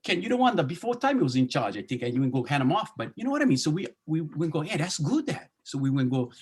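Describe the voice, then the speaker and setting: A pastor from Hawaii with a Hawaiian Pidgin accent, talking easygoingly in a casual panel discussion over a video call and slipping into Pidgin phrasing. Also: male voice, a little high, big pitch swings, very fast, a little mellow, husky. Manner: easygoing, slips into Pidgin phrasing, many restarts. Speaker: pastor and Bible translator.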